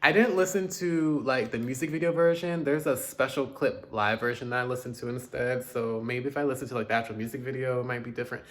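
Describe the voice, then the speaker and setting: A man casually reviewing new pop releases, chatty and dramatic, with quick asides and loud outbursts. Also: medium pitch. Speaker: music reviewer.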